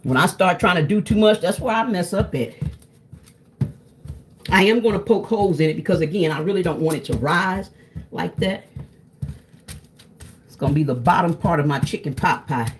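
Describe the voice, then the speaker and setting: A woman's voice: fairly low pitch, animated, normal speed, long pauses, a little hiss or hum. A woman, chatting casually to her viewers while she cooks, calling them "y'all". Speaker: cooking vlogger. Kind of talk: casual cooking vlog chat.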